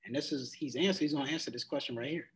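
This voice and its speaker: A man's voice: mid-range voice, racing, rough recording. A man leading a casual Bible study, reading verses aloud in old-fashioned wording and then explaining them in loose, everyday talk full of "it's like.". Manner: conversational, loose phrasing with frequent "it's like".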